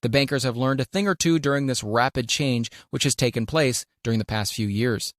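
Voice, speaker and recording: A man reading an audiobook aloud in a measured, deliberate way, leaning hard on key words. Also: medium pitch, no room sound, clean studio sound. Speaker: audiobook narrator. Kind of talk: scripted audiobook narration of a self-help classic.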